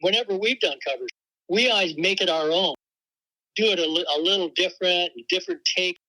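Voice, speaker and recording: An older man, a veteran rock drummer, telling stories in a relaxed interview and laughing often. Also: high voice, fairly quick, poor audio. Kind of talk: casual interview talk.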